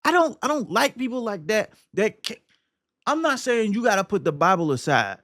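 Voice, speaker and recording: Podcast guy ranting, high-ish voice that jumps all over, loud then mumbly, dry close sound. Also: sing-song, normal speed, dry recording. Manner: emphatic, profane, swings from shouting to low muttering. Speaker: podcast host. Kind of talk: casual film discussion.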